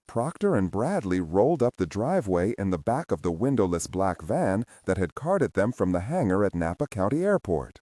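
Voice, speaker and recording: A man narrates a thriller audiobook in a low, dark voice. His pitch moves widely as he tells the story in a measured way. The sound is dry and close. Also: big pitch swings, no echo. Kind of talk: scripted narration.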